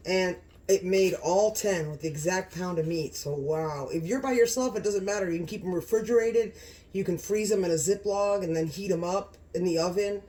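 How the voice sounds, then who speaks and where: A woman hosting a casual home cooking vlog, gushing and excitable, often exclaiming over the food. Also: on the low side, moderate pace. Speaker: cooking channel host.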